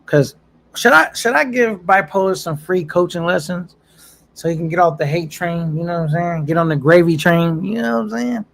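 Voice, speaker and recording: A man's voice: high voice, expressive, normal speed, creaky, fairly bright tone, a little hiss or hum. A man casually chatting on a live stream, reading viewer comments aloud in a laid-back, slangy way and laughing often.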